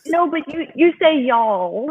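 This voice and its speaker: A woman's voice: fairly high pitch, big pitch swings, normal speed, creaky. A woman in casual podcast chat, patiently explaining things step by step. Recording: dull lo-fi audio.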